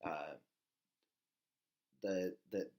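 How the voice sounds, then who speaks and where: A nineteen-year-old man from the American South with a Southern accent, giving an informal class speech in a halting way with many restarts. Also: deep voice, a little mellow. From Southern United States.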